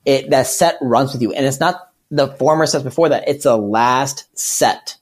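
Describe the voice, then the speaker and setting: A man's voice: mid-range voice, normal speed. A man, a stand-up comedian and podcast guest, talking candidly in a rambling, earnest way with many restarts. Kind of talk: candid casual chat.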